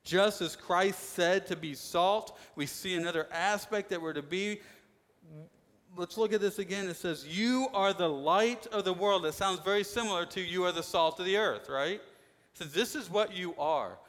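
A man preaching a sermon as pastor, emphatic, swinging between loud declarations and quiet asides. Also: high voice, normal speed. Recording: long hall reverb.

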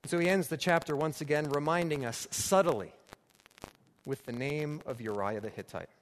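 A man's voice: a little high, moderate pace. A man preaching a sermon, emphatic and building his points through repeated phrases. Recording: long reverb with faint background noise.

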